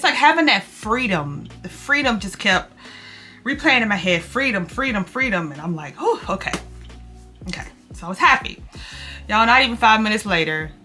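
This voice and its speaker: A woman's voice: medium pitch, sharp tone. A young woman talking to her viewers in a confessional vlog. She is close to tears, restarts and repeats herself, and calls her viewers y'all. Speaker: vlogger.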